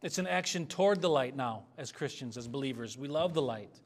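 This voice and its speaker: A man's voice: medium pitch, animated, a little fast. A man preaching an expository sermon as a pastor, earnest and conversational, asking the congregation for responses.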